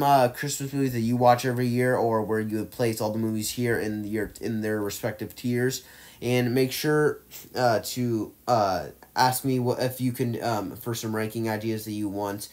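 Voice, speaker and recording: A man casually ranking movies on his own channel, rambling with lots of fillers and restarts, getting louder and softer as his enthusiasm rises and fades. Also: medium pitch, fairly even intonation, normal speed. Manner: enthusiastic, swings loud and soft. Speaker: movie reviewer ranking films. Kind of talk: casual rambling tier-list vlog.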